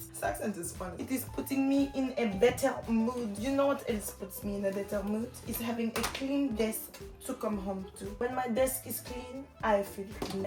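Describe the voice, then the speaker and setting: A woman's voice: on the low side, natural voice. A woman putting on a playful mock foreign accent, hamming up her pronunciations. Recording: roomy echo, faint music.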